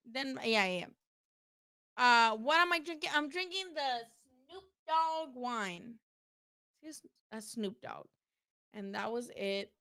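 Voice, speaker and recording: A woman's voice: high-pitched, sharp tone, no room sound. A woman hosting a casual post-fight livestream, talking bluntly and profanely while answering her chat. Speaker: boxing livestream host.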